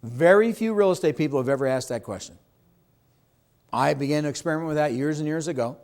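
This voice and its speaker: A middle-aged man leads a sales seminar. His voice sits somewhat high for a man, and he speaks with emphasis, often turning to ask the audience questions and acting out client lines. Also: fast talker, darkish tone. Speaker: real estate sales trainer. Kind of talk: seminar talk to a live audience.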